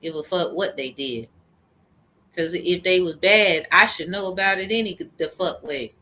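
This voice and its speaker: A woman's voice: lowish voice, normal speed, pushed and bright. Heated, profane woman ranting. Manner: heated, profane, rambling storytelling. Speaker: vlogger. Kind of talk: angry personal rant.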